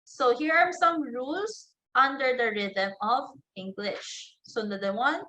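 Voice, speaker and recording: A woman teaching an online class into a computer microphone. She talks at an unhurried pace with a bright, somewhat high voice. She pauses often with fillers and says each example word on its own. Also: poor audio. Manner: slow, explanatory, with frequent fillers and restarts; enunciates example words one by one.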